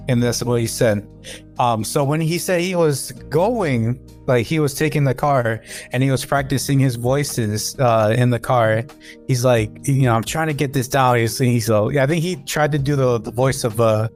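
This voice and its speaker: A man's voice: mid-range voice, normal speed, a little mellow. Man, podcast guest, rambling storyteller, faint music underneath. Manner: rambling storyteller with many fillers and restarts. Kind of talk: casual podcast chat.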